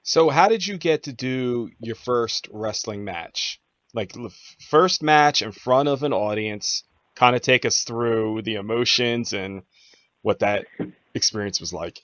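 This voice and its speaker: Male podcast host, relaxed rambling questions, lo-fi dry recording. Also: mid-range voice, unhurried, no room sound. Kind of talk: casual interview questions. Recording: dull lo-fi sound, dry.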